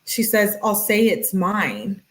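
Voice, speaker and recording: Brisk woman reading texts aloud. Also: medium pitch, sing-song. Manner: brisk, matter-of-fact reading, tagging each message with he says or she says; talks directly to viewers in chat. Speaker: true-crime commentator. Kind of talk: reading text messages aloud with commentary.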